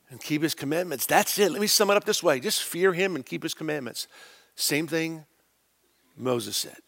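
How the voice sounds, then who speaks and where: High-voiced emphatic male preacher. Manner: emphatic, swings between loud stresses and quiet low phrases. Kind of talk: sermon.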